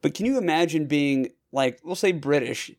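A man's voice: on the high side, expressive, normal speed. A man hosting a podcast, talking casually in a rambling, self-correcting way. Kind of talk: casual chat.

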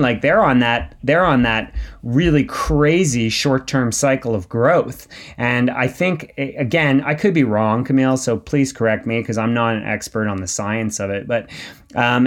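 A man co-hosts a podcast in relaxed conversation. He talks at an ordinary middle pitch, rambling through fillers and restarts, and teases with playful sarcasm. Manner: joking, sarcastic asides, chatty with fillers. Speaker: podcast co-host. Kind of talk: casual podcast chat.

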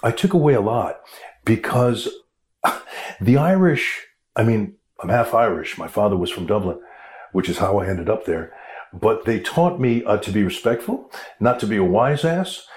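A middle-aged American man, an actor, telling stories in a casual interview with lively, laughing delivery. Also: fairly low pitch, normal speed. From United States. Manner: animated storyteller, laughs while talking. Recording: roomy echo.

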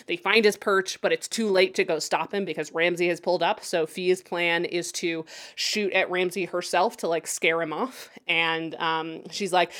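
A woman's voice: on the low side, fairly even intonation, moderate pace, a bit bright. A woman co-hosting a podcast, recapping a TV episode in casual chat, laughing often and swearing freely.

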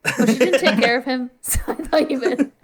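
Woman co-host, higher voice, giggly and joking. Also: moderate pace, a crowd in the background. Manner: giggly, playful, teasing. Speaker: podcast co-host. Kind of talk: casual chat.

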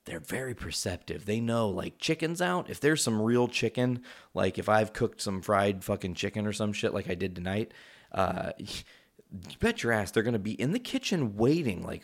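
Man, low gravelly voice, profane rambling podcast host telling stories at home. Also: big pitch swings, moderate pace. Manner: rambling, profane, goes off on tangents. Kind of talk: casual solo podcast storytelling. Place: his home.

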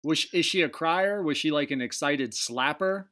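A man's voice: fairly high pitch, normal speed, bright, forceful tone. A man hosting a casual podcast interview, laid-back and chummy. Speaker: podcast host.

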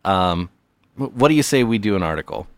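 This podcast host runs a comedy show with call-ins, speaking in a playful, mock-earnest tone full of stammered restarts. His voice is fairly low and animated, delivered fairly quickly in a dry recording.

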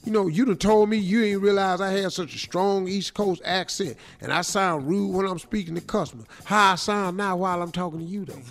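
A man's voice: high voice, fairly quick, few pauses, fairly bright tone, soft background music, pitched above the performer's own voice. A man playing a brash 43-year-old manager who talks back to his older boss in blunt street slang. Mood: confronting.

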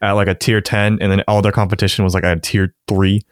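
Man, low voice, smooth, dry close sound, casual sports podcast chat, laid-back, laughs a lot. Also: fast talker, no room sound. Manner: relaxed, chatty, laughs often, says "like" a lot. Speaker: podcast co-host.

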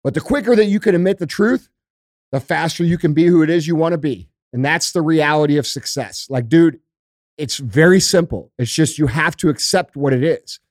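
Brief: middle-aged male podcast host, high voice, blunt swearing rants, dry close sound. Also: brisk, darkish tone, no echo. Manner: profane, blunt, emphatic ranting. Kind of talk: casual podcast chat.

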